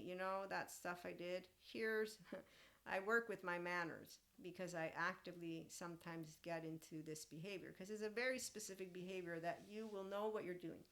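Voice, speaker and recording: Woman podcast host rambling casually, lots of laughs, bit low pitched. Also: moderate pace. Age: young adult. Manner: animated, laughs often, acts out quoted lines. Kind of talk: casual monologue.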